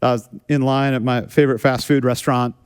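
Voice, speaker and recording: A man's voice: mid-range voice, level tone, brisk, clear, resonant tone. A man preaching a sermon as a pastor, talking casually with self-deprecating humor and repeating phrases for emphasis. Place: church sanctuary.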